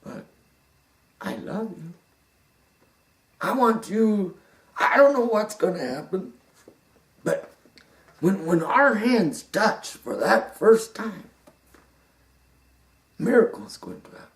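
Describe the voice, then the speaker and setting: A man giving a personal testimony, halting and repeating his words, earnest and devout. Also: sits high, expressive. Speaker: speaker telling his story. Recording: roomy sound from a distant mic.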